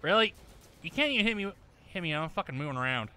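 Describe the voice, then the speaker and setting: A man commentating his own shooter gameplay, swearing often and breaking into loud shouts at enemies. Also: fairly high pitch, very animated, fast, slight background noise. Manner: profane, bursts into yelling at enemies. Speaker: gameplay streamer. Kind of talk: let's-play commentary.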